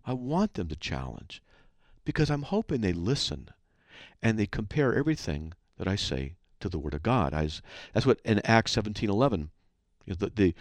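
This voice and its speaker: A man's voice: fairly low pitch, sing-song, normal speed, no room sound. A man hosting a call-in radio show, teaching scripture in an emphatic, conversational preaching manner.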